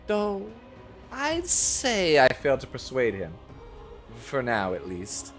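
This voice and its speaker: A man voicing a calm, principled young knight in a live game dub, reading in a measured, lowered, sincere way. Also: soft background music, full character voice. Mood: earnest. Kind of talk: amateur game voice-over read live on stream.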